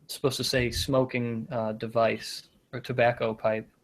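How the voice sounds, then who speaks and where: A man of middle pitch hosts a loose comedy show, joking his way through rambling stories. He wanders off his point and laughs at himself, keeping the banter casual. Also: flat delivery, moderate pace. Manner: rambling, self-deprecating, loses his point. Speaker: podcast host.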